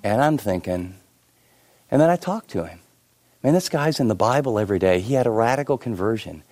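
A middle-aged man preaching a sermon, telling stories with many asides and shifting between lively and hushed delivery. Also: lowish voice, fairly quick. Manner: animated storytelling with many asides. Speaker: pastor.

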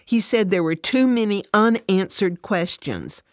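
A woman's voice: lively intonation, unhurried, no room sound, studio quality, lightly acted. A woman doing an upset, defensive working mother. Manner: raised pitch, emotional and defensive.

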